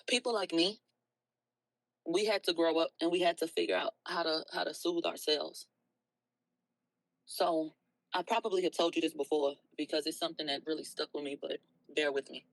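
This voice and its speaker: A woman hosting a livestream, talking bluntly and with a lot of profanity, soft and tearful at times and then loud again. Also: sits low, dry recording, low-quality recording. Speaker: livestream host. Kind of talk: emotional early-morning livestream rant.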